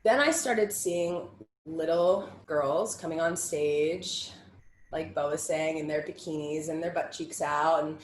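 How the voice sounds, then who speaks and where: A woman with a lowish voice speaks candidly at a panel talk, giving personal testimony in raw, blunt bursts and swearing without holding back. The sound bounces around a roomy space, with a faint hum underneath. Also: measured pace. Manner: candid and raw, swears freely, stacks short phrases in lists. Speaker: panel speaker sharing survivor story.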